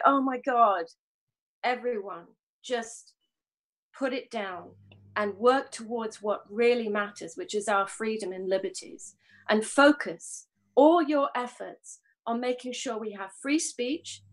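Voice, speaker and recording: Earnest rambling woman, slightly high voice. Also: low-quality recording. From grew up on film sets. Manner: rambling, earnest, swears and laughs it off. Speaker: panelist in a live online discussion. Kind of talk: passionate casual talk.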